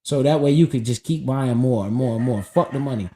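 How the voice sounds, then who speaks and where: A man's voice: medium pitch, brisk, warm tone. A man streaming live, casually talking about investing in a profane, hyped and preachy way.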